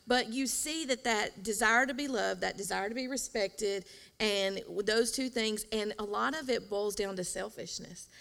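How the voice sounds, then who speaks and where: Bright, gravelly woman co-host. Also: medium pitch, moderate pace. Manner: laughing, animated, emphatic. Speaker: podcast co-host, pastor's wife. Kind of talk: casual marriage advice chat.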